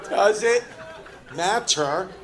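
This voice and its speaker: Brash New stand-up comic, high voice. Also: male voice, lively intonation. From New York. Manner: brash, rapid, teasing audience. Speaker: stand-up comedian. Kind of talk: stand-up with crowd work. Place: comedy club stage. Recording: live club with loud crowd laughter. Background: audience laughing.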